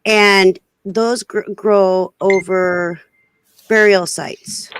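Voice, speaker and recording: A woman's voice: mid-range voice, fairly even intonation, very slow, fairly bright tone, slight background noise. A woman co-hosting a live chat show, telling a casual story with lots of fillers and restarts over a video call. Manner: rambling with many fillers and restarts. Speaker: co-host of a reselling live show.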